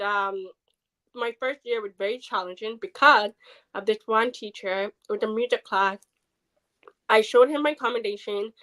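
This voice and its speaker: A woman's voice: mid-range voice, low-quality recording. A woman guest who is hard of hearing, telling a personal story in a podcast interview and acting out what others said. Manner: animated, acts out quoted people.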